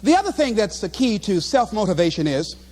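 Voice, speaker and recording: High-voiced, animated motivational speaker man. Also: fairly quick. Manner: animated storytelling, shouting acted lines. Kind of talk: motivational speech to a live audience.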